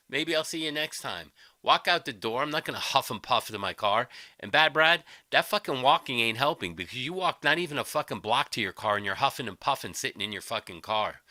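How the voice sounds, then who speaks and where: A man's voice: mid-range voice, animated, a little fast, few pauses, sharp tone, dry recording, clean studio sound. A man hosting a livestream, ranting in an angry, combative and sarcastic way, swearing heavily. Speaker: livestream host. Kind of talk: angry profane rant.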